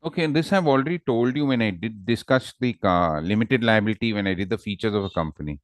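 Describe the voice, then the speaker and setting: A man's voice: fairly low pitch, lively intonation, fast, dry recording. A man with an Indian English accent teaching an online law class, quizzing students and teasing them.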